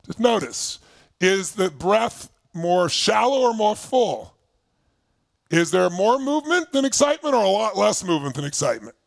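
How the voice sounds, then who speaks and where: Man, motivational speaker, gravelly raspy voice, high and very animated, dry close sound. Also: moderate pace, no room sound. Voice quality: gravelly, husky. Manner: energetic, emphatic, fires questions at the audience. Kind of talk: live online seminar coaching. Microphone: speaking to camera for remote viewers.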